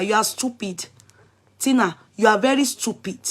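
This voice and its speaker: Nigerian woman vlogger, husky, animated and scolding, casual commentary. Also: fairly high pitch, measured pace.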